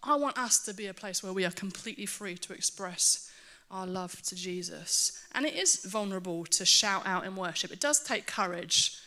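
A woman preaching a sermon to her church, earnest and animated, with self-mocking asides. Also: mid-range voice, moderate pace, hardly any pauses.

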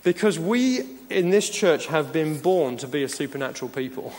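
A man's voice: on the high side, animated, moderate pace, a little mellow. A man preaching a sermon as pastor, earnest and emphatic, chuckling now and then between points. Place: church hall. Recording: long reverb of a church hall.

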